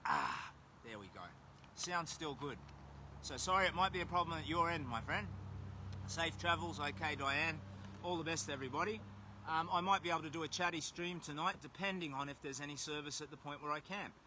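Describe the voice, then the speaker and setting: A man's voice: a little high, a little fast, noisy background. Chatty Australian man streaming outdoors. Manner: chatty, relaxed, reads out viewer comments. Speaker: livestreamer on a long charity walk. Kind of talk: casual livestream chat. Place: outdoors by a road, windy. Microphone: phone held while walking.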